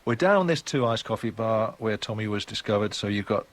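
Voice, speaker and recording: A man's voice: lowish voice, lively intonation, a little fast. A man in his sixties with a Geordie accent, a guest on a radio interview who tells long, rambling, chatty anecdotes. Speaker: guest musician.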